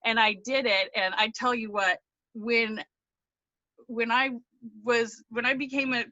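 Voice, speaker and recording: A woman's voice: on the high side, steady tone, unhurried, bright, forceful tone, dry recording, lo-fi sound. A woman on a video call telling her story, earnest and close to tears, rambling with restarts. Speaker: team member sharing her story. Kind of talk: emotional testimonial on a video call.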